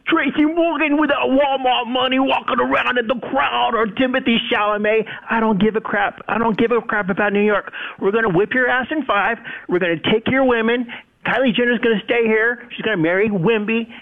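A man from San Antonio calling in to a sports radio show, fired up and trash-talking. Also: high voice. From San Antonio, Texas. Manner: fired-up, profane trash talk. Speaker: caller. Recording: tinny phone line.

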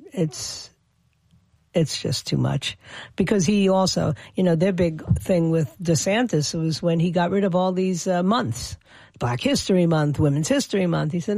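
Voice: medium pitch, vocal fry, darkish tone, dry recording. A political commentator delivering an opinion monologue, often stammering and restarting phrases, with indignant emphasis.

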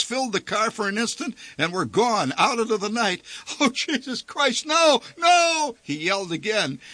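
A man's voice: high voice, pushed and bright, husky, no echo. A man narrating a story aloud, with vivid, theatrical storytelling delivered close to the mic. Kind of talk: dramatic story reading.

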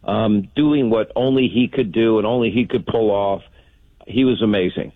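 A man's voice: lowish voice, moderate pace, no room sound. Man talking radio with a tinny sound. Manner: animated storytelling, broadcaster delivery. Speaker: radio host. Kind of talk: casual talk show conversation.

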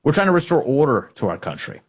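A man's voice: medium pitch, big pitch swings, fast, slightly rough. A man hosting a political commentary show, speaking emphatically and indignantly and repeating key phrases.

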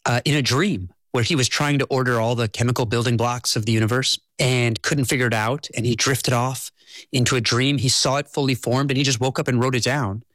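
Author guest, male, calm explanatory interview voice, dry recording. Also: mid-range voice, no room sound. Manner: explanatory, measured storytelling. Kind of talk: conversational interview.

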